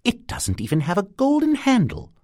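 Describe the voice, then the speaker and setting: A man voicing a vain, fussy female magpie who thinks herself a princess, talking in a scornful, squeaky way. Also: wildly swooping pitch, normal speed, dark tone, no echo, clean studio sound. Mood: haughty.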